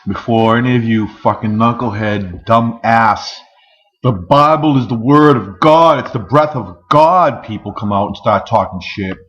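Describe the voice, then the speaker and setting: A man's voice: mid-range voice, a little slow, a bit bright, rough recording. A man in an angry, profane rant, firing off rhetorical questions. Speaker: vlogger.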